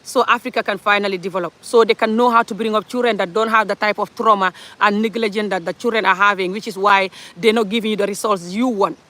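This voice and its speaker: Speaking fast with hardly a pause, a Gambian woman rants passionately in her opinionated social commentary vlog, piling up rhetorical questions. Her medium-pitched voice holds a steady, sharp tone.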